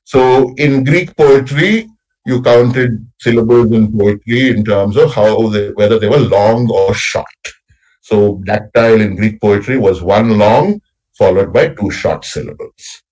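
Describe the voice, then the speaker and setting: A man with a husky, slightly rough voice gives an academic lecture on poetry, his pitch rising and falling a lot as he explains. He checks in with his listeners by tagging "right?" after each point and sounds out meter with heavy stress. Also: a little mellow, rough recording. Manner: explanatory, frequent tag "right?", recites lines with exaggerated stress. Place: college workshop session.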